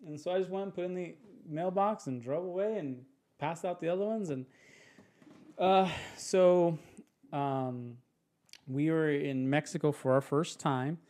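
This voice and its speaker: Lively young man telling a story. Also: on the high side. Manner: animated, acts out dialogue with quick restarts. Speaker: podcast guest. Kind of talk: casual storytelling.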